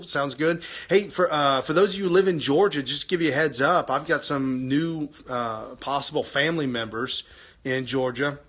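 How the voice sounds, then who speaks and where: A man's voice: mid-range voice, a bit bright. A man hosting a casual live stream, chatting with viewers and reading their comments aloud, enthusiastic, laughing and repeating himself.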